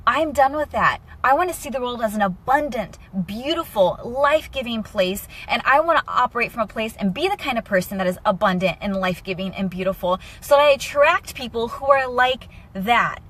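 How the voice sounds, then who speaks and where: Young woman, personal vlog, candid, emotional, bright tone. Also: fairly high pitch, brisk, hardly any pauses. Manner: candid and emotional, lively asides. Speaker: vlogger. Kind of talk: personal talk to camera.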